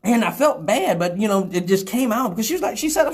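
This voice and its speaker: Animated, profane male storyteller. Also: fast, slightly rough. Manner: animated, profane, swings from loud exclamations to low mutters. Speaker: radio show host. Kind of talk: casual storytelling to a live audience.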